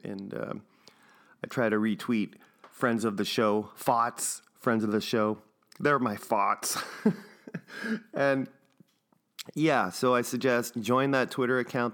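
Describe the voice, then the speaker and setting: A man hosting a podcast, rambling through plugs and shout-outs with jokes and plenty of fillers. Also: mid-range voice. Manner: rambling, jokey, many fillers. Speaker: podcast host. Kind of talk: casual podcast intro.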